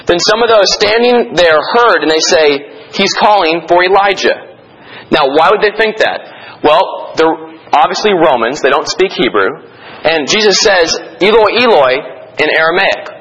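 Bright, husky-voiced male Bible teacher. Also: a little high, animated, moderate pace, lo-fi sound. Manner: directive, tells listeners to underline and circle verses; explains with rhetorical questions.

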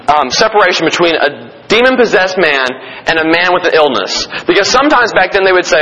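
A man's voice: high voice, big pitch swings, fairly quick, few pauses, sharp tone. A man preaching a sermon to a congregation, talking conversationally and emphatically as he teaches from the Bible. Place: meeting room or church. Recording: dull lo-fi sound with long hall reverb.

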